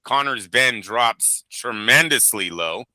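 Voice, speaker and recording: A man hosting a boxing show, talking in a casual, animated and profane way and rambling from point to point. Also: mid-range voice, takes it slowly, no room sound. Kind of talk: casual chat.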